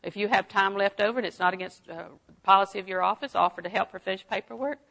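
There's vocal fry in her medium-pitched, fairly bright voice as she moves at a quick pace through a sermon-style Bible lesson. She tells personal stories and rises to strong, emphatic statements.

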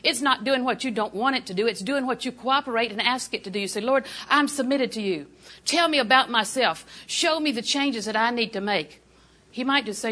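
A woman's voice: on the high side, brisk, sharp tone. An older woman preaching a sermon, telling folksy, humorous stories and laughing often.

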